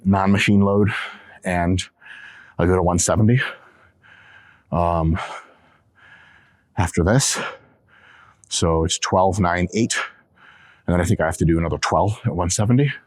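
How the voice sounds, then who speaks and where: Low-voiced joking man in a gym. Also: a little slow, pauses often, dry recording. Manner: profane, joking, rambling. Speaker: fitness channel host. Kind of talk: casual gym vlog talk between sets.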